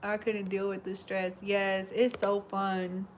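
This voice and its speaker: A woman braider chatting casually while she does hair, telling animated stories and laughing often. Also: mid-range voice, takes it slowly, a little hiss or hum. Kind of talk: casual chat while doing hair on a livestream.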